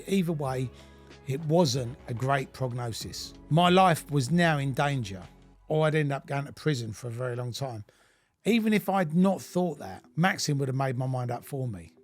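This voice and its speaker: A middle-aged British man reading his own memoir aloud, blunt and full of swearing. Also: mid-range voice. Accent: British English. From United Kingdom. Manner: blunt, heavily profane storytelling. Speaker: narrator of his own life story.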